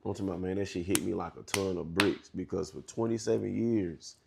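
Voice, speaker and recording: Gravelly deep-voiced man telling his story. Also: fairly even intonation, noisy background. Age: 30s. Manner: halting, restarts often, slangy and profane. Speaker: interview guest. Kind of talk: candid storytelling interview.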